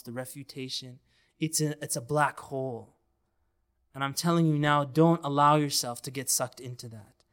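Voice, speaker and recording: A man's voice: a little high, a bit bright, clean tone. A man giving an earnest, emphatic sermon, with passages of the Quran chanted melodically. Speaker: Islamic preacher.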